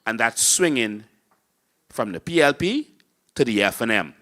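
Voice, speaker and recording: A man's voice: mid-range voice, sing-song, a little slow, pushed and bright. A man with a Bahamian accent hosting a political talk show, talking in an impassioned, preachy way to a live studio audience. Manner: impassioned, preachy, acts out voters in mocking voices. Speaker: political host and party leader.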